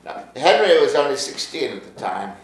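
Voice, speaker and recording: A man's voice: medium pitch, normal speed, natural voice. A man playing a wistful 52-year-old poet, roomy stage. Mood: reminiscing. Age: 50s. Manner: animated, reminiscing storyteller. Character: 52-year-old playwright, wistful, lovestruck storyteller. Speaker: stage actor in a one-man play. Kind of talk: theatrical stage monologue. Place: theater stage. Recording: roomy stage sound from a far camera with faint noise.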